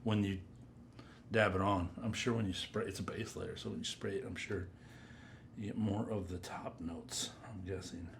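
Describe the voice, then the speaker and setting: A man giving a casual, rambling first-impressions review of perfumes, chatty and drifting into quiet mutters as he sniffs. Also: sits low, steady tone, normal speed, vocal fry, a little hiss or hum. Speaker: fragrance reviewer.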